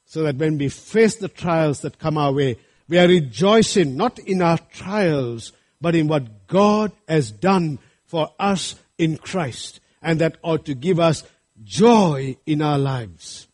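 A man's voice: on the high side, expressive, takes it slowly, a little mellow. A man preaching a sermon, earnest and rising to fervent appeals to his congregation. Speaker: pastor.

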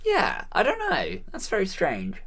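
A woman's voice: lowish voice, measured pace, slight background noise. A woman co-hosting a casual chat about a film, reading out trivia and laughing often. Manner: animated, reads out trivia, laughs a lot. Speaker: podcast co-host.

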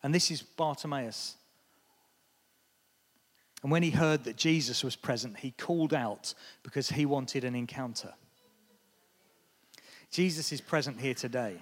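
Animated British preacher in a big hall. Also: male voice, medium pitch, a little slow, pauses often. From Britain. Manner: animated storytelling, acts out quotes in raised voice. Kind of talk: sermon. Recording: long hall reverb.

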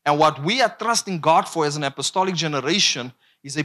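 A man's voice: a little high, lively intonation, fast, few pauses, bright, forceful tone. A man preaching a sermon, emphatic and repetitive, drawing call-and-response from the congregation.

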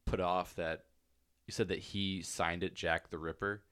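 A man co-hosting a casual podcast, speaking in a dry, teasing way with halting fillers. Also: low-pitched, little pitch movement, a bit bright, clean tone. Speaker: podcast co-host. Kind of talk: casual conversational chat.

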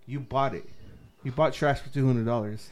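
Male podcast co-host, mid-pitch, understated casual storyteller. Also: fairly even intonation, moderate pace, crowd noise.

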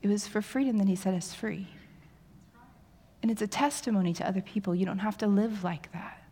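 A woman's voice: medium pitch, a little fast, warm tone. A woman in her forties preaching a sermon, candid and self-deprecating, telling personal stories with animation.

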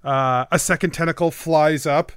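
A man narrating as game master of a tabletop game, relaxed with frequent "uh" pauses. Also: a little high, clean tone, no echo, clean studio sound. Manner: relaxed, hesitant fillers, laughing.

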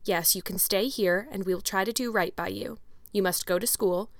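A woman's voice: mid-range voice, moderate pace, no echo, lightly acted. A woman voicing a strict, middle-aged spinster guardian who speaks curtly and disapprovingly. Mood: stern. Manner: curt, disapproving, matter-of-fact.

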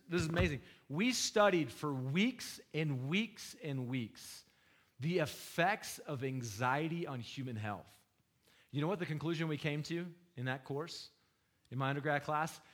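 A man's voice: mid-range voice, a bit bright. A man preaching a sermon in a conversational style, joking with the congregation and asking them questions. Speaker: pastor.

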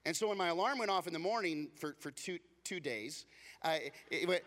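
A man's voice: a little high, expressive, brisk, a bit bright, in a large hall. A man preaching a sermon as a pastor, casual and joking, slipping into acted voices to tell everyday stories.

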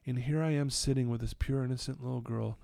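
A man's voice: medium pitch, quick pace, creaky, no echo, studio quality. A man telling his personal story in an interview, acting out what people said. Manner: animated storytelling, acts out quotes. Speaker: guest.

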